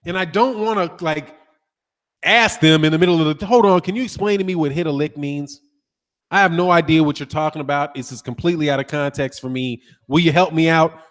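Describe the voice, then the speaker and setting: A man chatting casually on his boxing talk show, telling animated stories and laughing often. His voice sits a little high. It rings out with a long reverb, as if he is in a large, hard room. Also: brisk. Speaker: boxing channel host. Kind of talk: casual livestream chat reading comments.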